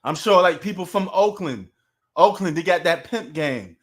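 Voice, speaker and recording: High-voiced New York man ranting casually. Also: normal speed. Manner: animated, street slang, talks to chat. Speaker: sports live-stream host. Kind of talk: casual live-stream chat.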